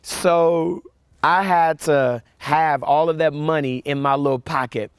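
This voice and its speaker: Guy telling a story sermon, animated, lots of uh's, goes soft n quiet, dry mic. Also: fairly high pitch, slow pace, clear, resonant tone, dry recording. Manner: animated storyteller with fillers and repeats; drops soft and quiet for reflection. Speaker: camp speaker.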